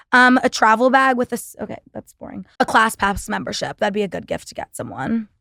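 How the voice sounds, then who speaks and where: A woman's voice: a little high, big pitch swings, brisk, gravelly, pushed and bright, no echo, studio quality. A young woman hosting a podcast, talking in a sarcastic, profane, rambling casual monologue. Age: young adult. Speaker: podcast host.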